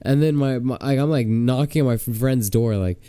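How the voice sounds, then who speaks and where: A man's voice: mid-range voice, a little fast, mellow, clear, resonant tone, no room sound. A young man telling a long story on a podcast, rambling and filling it with "like". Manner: rambling, heavy with "like" fillers. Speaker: podcast co-host. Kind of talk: casual storytelling.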